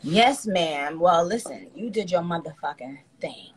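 A woman's voice: lowish voice, lively intonation, a little slow, husky. A woman hosting a phone live stream, chatting casually and teasing her guest in a blunt, profane way.

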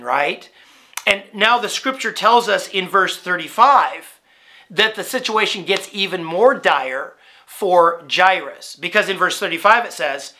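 A man's voice: high voice, sharp tone. A male pastor preaching a sermon in a conversational way, often checking in with "right?", restarting phrases and building to emphatic rhetorical questions.

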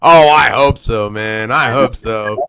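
A man's voice: medium pitch, takes it slowly, gravelly, a bit bright, clean tone. A man hosting a podcast in a jokey, offhand casual chat. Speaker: podcast host.

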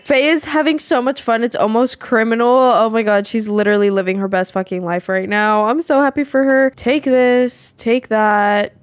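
A woman's voice: mid-range voice, no room sound. A young adult woman giving casual gameplay commentary, chatty and exclamatory, swearing and laughing often. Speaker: gameplay video creator.

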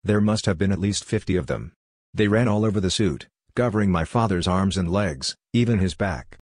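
Male horror narrator, very low husky voice, dry close sound, somber delivery. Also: moderate pace, a little mellow, no echo.

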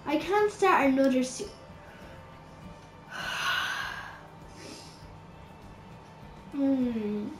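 Very slow and sing-song, with long pauses, a woman's high voice offers casual commentary on a game. She's exasperated and rambling, leaning on filler words, as game music plays in a room with a noticeable echo.

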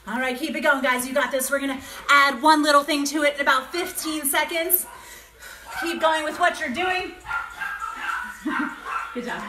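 High-pitched woman coach yelling kickboxing combos, breathless and hyped, echoey room with a bit of noise. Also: normal speed. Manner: calls out combos, upbeat and encouraging, laughs often. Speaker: kickboxing instructor. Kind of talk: coaching a home workout class. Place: home workout space, dogs barking nearby.

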